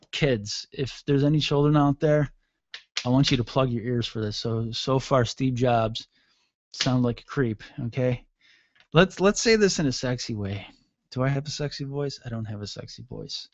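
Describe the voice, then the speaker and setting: A man's voice: mid-range voice, moderate pace, no echo. A man in his thirties hosting a solo talk radio show, rambling through sarcastic, irreverent jokes. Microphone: studio mic with mixer. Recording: dull lo-fi dry sound.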